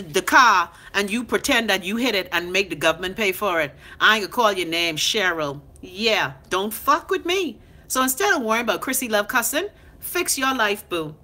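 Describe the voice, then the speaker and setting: A woman in her thirties with a Bahamian accent, ranting bluntly and profanely in a casual live chat while answering viewers. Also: mid-range voice. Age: 30s. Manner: blunt, profane, animated, talks back to commenters. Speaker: live-stream host reading comments. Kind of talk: unfiltered casual rant.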